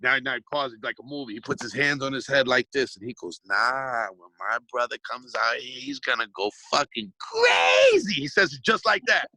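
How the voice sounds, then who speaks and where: Brief: rambling, profane male storyteller, bright edgy tone, dry close mic. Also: medium pitch, lively intonation, a little fast, hardly any pauses, no echo, rough recording. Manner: profane, rambling, restarts a lot. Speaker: hip-hop artist guest. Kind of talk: casual storytelling.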